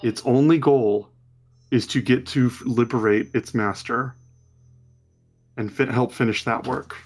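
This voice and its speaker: A man narrating a tabletop fantasy game as game master, telling the scene slowly and dramatically. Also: mid-range voice, steady tone, soft background music. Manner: slow, dramatic storytelling.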